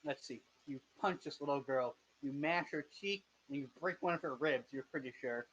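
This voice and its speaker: Here the same young man in his twenties speaks at a normal pace, with a fairly high, fairly bright voice that's slightly rough. Narrating a tabletop game as game master, he jokes around casually and frequently fumbles his phrasing. The recording is dull lo-fi voice chat.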